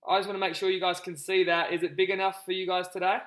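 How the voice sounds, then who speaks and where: A man coaching a group on a live call, energetic and repetitive, often calling his listeners guys. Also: high-pitched, quick pace, echoey room, low-quality recording. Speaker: business coach.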